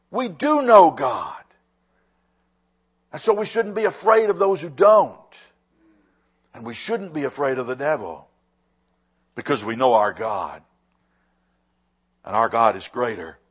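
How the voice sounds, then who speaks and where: A pastor preaches a sermon in a high, lively voice whose pitch rises and falls widely. His delivery is dynamic, leaning hard into emphatic lines and then dropping to a hushed, intimate tone.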